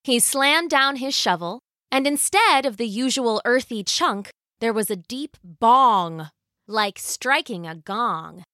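A woman narrating a folk tale as a storyteller, slow and expressive. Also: a little high, no echo, studio quality.

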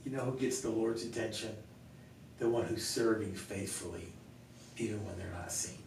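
A male pastor talking earnestly in a conversational Q&A, telling stories with gentle laughs. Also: moderate pace. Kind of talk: conversational Q&A teaching. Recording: echoey room, mic far off, faint rumble.

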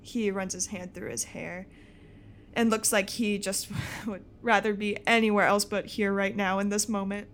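A woman's voice: mid-range voice, level tone, normal speed, slight background noise. Woman game master narrating casually. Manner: casual, laughing often. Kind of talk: narrating a tabletop role-playing game.

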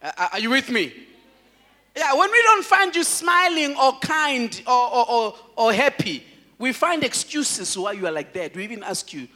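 A man, a pastor, preaching a sermon in an animated way, laughing often and calling out to his congregation. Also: very high-pitched, moderate pace, long reverb tail.

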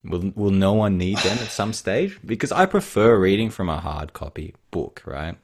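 A man's voice: sits low, big pitch swings, moderate pace, a little hiss or hum. A man in casual chat, musing aloud and often trailing off and restarting.

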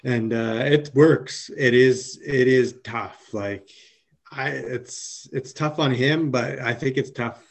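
A man in his thirties, a podcast co-host and father, telling a story hesitantly with many ums and small laughs. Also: mid-range voice. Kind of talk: casual chat.

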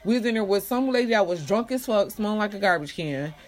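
A woman's voice: medium pitch, quick pace. Profane young woman telling a story. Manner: profane, animated retelling with quoted voices. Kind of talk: casual storytelling.

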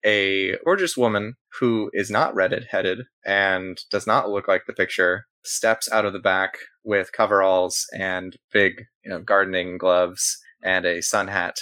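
Male GM, brisk loose narration, low and forward, dry close sound. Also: steady tone, sharp tone, dry recording. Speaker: game master. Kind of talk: narrating a tabletop game.

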